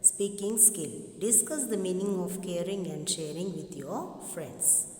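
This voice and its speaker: A woman teacher with an Indian English accent, giving a revision lesson to young pupils and repeating each phrase slowly, as if dictating. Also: lowish voice, expressive, dark tone. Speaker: primary school English teacher. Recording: echoey room, long reverb.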